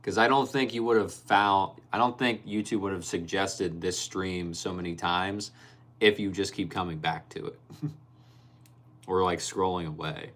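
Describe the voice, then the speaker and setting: Reading his chat out loud on a laid-back livestream, this young host speaks at a measured pace in a low, fairly bright voice. He laughs frequently as he goes through the comments.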